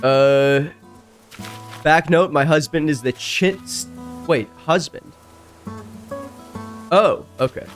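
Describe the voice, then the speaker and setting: A man streaming a game, reading stories aloud and breaking in with loud, jumpy reactions. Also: takes it slowly, long pauses, faint music behind. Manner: reacts loudly, jumps high in pitch. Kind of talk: casual reading and commentary while gaming.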